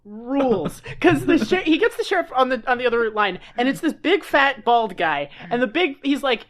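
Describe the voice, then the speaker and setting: A high-pitched man trades crude jokes as a podcast co-host, laughing often as he riffs. His talk is loose and profane, a casual comedic recap. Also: very animated, normal speed, few pauses, fairly bright tone. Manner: profane, riffing, laughing banter.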